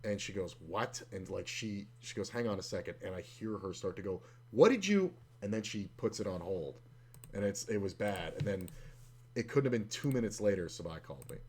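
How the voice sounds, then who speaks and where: Streaming online poker from his computer at home, a man speaks in a low, husky, darkish voice at a slightly fast pace. His casual commentary and chat about his hands include muttered, frustrated asides, and a faint hum and keyboard clicks can be heard.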